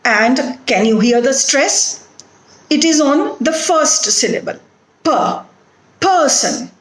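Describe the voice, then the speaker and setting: A woman with an Indian English accent giving a phonetics lecture, speaking deliberately and repeating words to model their stress. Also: high voice, lively intonation, roomy sound, poor audio.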